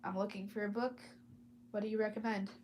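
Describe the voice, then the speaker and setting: A woman's voice: medium pitch, flat delivery, fairly quick, darkish tone, slight background noise, lightly acted. A woman voicing a charming, easygoing young man in a read-aloud story.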